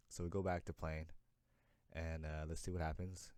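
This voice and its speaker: Very low-voiced man recapping sports. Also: fairly even intonation, a little mellow, no room sound. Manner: chatty, paraphrases players in quick asides. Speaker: host, sports commentator. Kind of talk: casual recap commentary.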